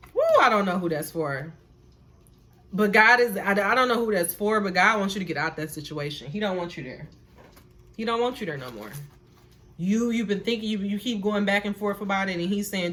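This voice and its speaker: A woman's voice: mid-range voice, moderate pace, sharp tone. A woman giving a casual spiritual tarot reading, talking emphatically and repeating herself, with free swearing and earnest, preacher-like encouragement. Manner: emphatic and repetitive, swearing freely. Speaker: tarot reader.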